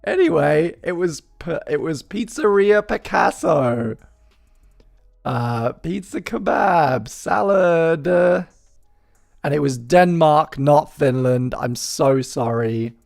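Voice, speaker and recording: Slow-talking man streaming. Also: fairly high pitch, expressive, gravelly, darkish tone. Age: 30s. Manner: chatty, self-deprecating, joking asides. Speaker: live-stream host. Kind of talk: casual live-stream commentary.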